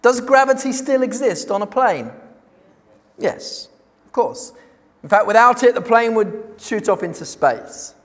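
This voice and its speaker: A man preaching a sermon, emphatic, posing rhetorical questions and slowing down on key words. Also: very high-pitched, animated. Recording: long reverb of a large hall.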